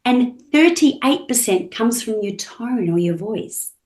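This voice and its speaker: A woman's voice: on the high side, lively intonation, slow pace, a little mellow. A woman, a trainer explaining communication on a video call, often acting out rising and falling tones to make her point. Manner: demonstrates voice inflection, rising and falling for effect. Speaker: NLP trainer and hypnotherapist guest. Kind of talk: animated expert explanation.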